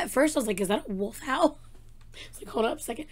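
A woman hosting a reaction vlog, chatting excitedly with a hoarse voice she is losing, talking into a desk microphone with many fillers. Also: fairly high pitch, fast, faint music behind. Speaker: reaction channel host. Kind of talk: casual chat to camera.

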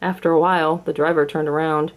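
A woman reading a children's storybook aloud in a clear, measured storytelling manner. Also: sits low, level tone. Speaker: storybook reader. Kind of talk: storybook read-aloud for kids.

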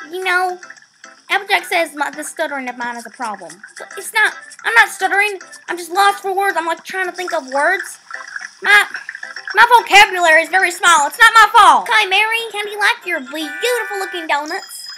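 A female gamer giving excitable let's play commentary, often stumbling over her words. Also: extremely high pitch, moderate pace, faint music behind.

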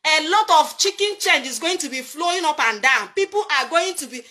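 High-pitched Nigerian woman preaching commentary. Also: expressive, fairly quick, hardly any pauses, pushed and bright. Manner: preachy, emphatic, rhetorical questions. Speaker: political commentator. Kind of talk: impassioned commentary monologue.

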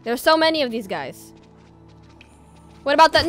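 A woman's voice: high voice, big pitch swings, normal speed, a bit bright. A woman streaming a video game, chatting along and bursting into startled shrieks. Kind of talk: live gameplay commentary. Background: faint game music.

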